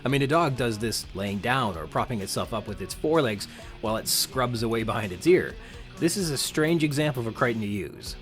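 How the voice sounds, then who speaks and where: A man's voice: mid-range voice, lively intonation, fairly quick, soft background music. A man hosting a podcast, reading passages from a novel aloud and commenting on its writing. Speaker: podcast host. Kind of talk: literary analysis of a novel.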